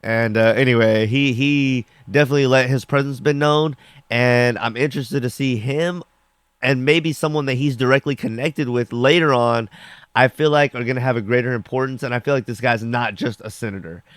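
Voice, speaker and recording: A man's voice: mid-range voice, fairly even intonation, moderate pace, smooth, no echo. A young man casually reviewing a TV episode, rambling with lots of fillers and acting out characters' lines as he recaps. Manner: rambling, filler-heavy with frequent "like".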